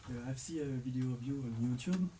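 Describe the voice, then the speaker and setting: French guy in the audience, halting english, heard from across the room. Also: medium pitch, dark tone, recorded from a distance. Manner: halting, searching for English words. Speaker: student asking a question. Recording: from across the room, faint noise.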